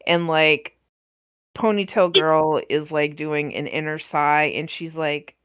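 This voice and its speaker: A woman's voice: low voice, level tone, takes it slowly, clear, resonant tone, highs cut off. A woman co-hosting a podcast in casual chat, reading comic dialogue aloud in a laid-back way. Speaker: podcast co-host.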